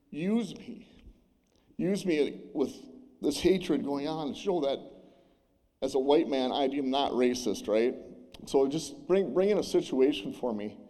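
A man sharing a personal testimony at church, earnest and halting, with many restarts and fillers, his voice breaking as he grows tearful. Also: a little high, mellow. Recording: long hall reverb.

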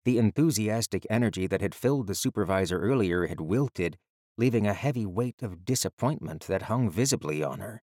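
A deep-voiced man narrating a fantasy audiobook in a measured, even storytelling manner. The recording is dry and close, with no room sound. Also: dry recording.

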